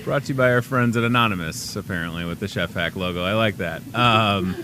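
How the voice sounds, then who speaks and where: A man's voice: fairly low pitch, brisk, a little hiss or hum. A man hosting a live daily talk show, joking around in casual chat with his guests. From Chicago area. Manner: jokey, playful, animated.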